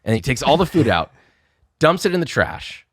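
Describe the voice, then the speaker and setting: A young man telling a lively story in casual chat, swearing freely and acting out the people he quotes. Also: medium pitch, normal speed, husky, no room sound, studio quality. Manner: animated, swearing, acts out quotes. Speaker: podcast guest.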